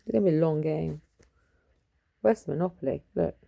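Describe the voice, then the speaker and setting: Gravelly sweary woman reading tarot. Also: sits low, brisk, warm tone, poor audio. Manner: sweary, joking, talks to her dog. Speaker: tarot reader. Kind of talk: casual rambling tarot chat.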